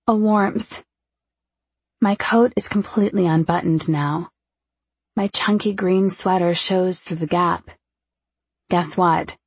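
A woman narrating a first-person audiobook in a hushed, intimate, lingering way. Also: lowish voice, husky, no echo.

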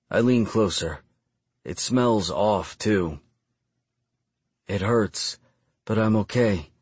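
A man reading a first-person audiobook narration in a measured, even storytelling delivery. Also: fairly low pitch, slightly rough, dry recording.

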